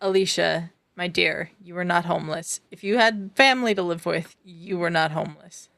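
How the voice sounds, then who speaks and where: A woman co-hosting a podcast, chatting through a TV episode recap on a video call and filling pauses with ums. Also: fairly low pitch, gravelly, fairly bright tone, no room sound. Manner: chatty, retells scenes with filler ums. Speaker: podcast co-host. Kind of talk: casual recap chat.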